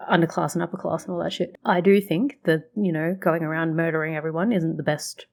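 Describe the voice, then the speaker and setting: A woman's voice: low-pitched, fairly even intonation, a little fast, gravelly, darkish tone. A woman hosting a reaction video, chatting casually, swearing freely and rambling through her thoughts. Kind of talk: casual chat reacting to a show.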